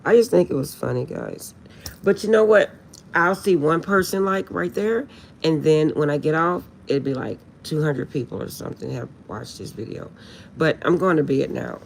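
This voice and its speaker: A woman's voice: deep voice, normal speed, vocal fry, slight background noise. A woman chatting casually on a late-night live stream, laughing often and insisting she is serious.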